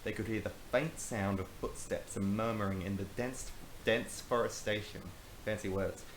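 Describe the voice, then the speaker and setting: Low-voiced man reading with wry asides. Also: fairly even intonation, normal speed. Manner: wry, self-mocking asides. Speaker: YouTuber reading his old book. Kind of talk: casual commentary and reading aloud. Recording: echoey room with faint hiss.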